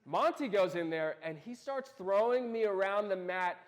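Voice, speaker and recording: A young man giving a casual youth sermon, telling lively stories and asking his listeners direct questions. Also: sits high, moderate pace. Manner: lively storytelling, talks straight to the listeners. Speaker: youth ministry speaker.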